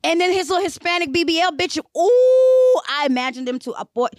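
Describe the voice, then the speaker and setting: A woman's voice: high voice, very fast, no echo, studio quality. A young woman, co-hosting a podcast, telling stories in casual chat and acting out the dialogue with lots of profanity. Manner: animated, profane, acts out dialogue. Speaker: podcast co-host.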